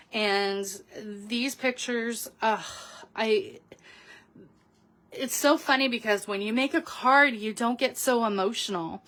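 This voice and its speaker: Woman crafting host, middle-aged, higher voice, slow unhurried delivery, chatty and sentimental. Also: a bit bright. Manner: chatty, emotional, frequent ums and restarts. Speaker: papercraft video host. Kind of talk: casual crafting tutorial.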